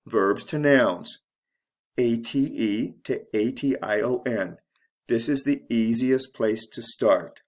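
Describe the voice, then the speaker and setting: A man teaching English, slowly reading out vocabulary lists word by word with clear enunciation. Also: medium pitch. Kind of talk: slow deliberate vocabulary drill.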